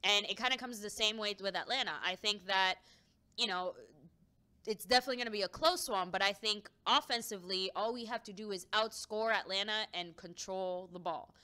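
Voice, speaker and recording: Bright, smooth-voiced woman talking football. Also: medium pitch, a little fast. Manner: chatty, thinks aloud, hedges opinions. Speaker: fan show co-host. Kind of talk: casual live-stream sports chat. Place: home live stream.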